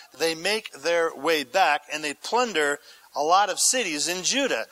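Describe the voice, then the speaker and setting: A man's voice: sits high, pushed and bright, rough recording. A male pastor preaching an expository sermon, reading scripture aloud and then asking the listeners questions in a conversational way.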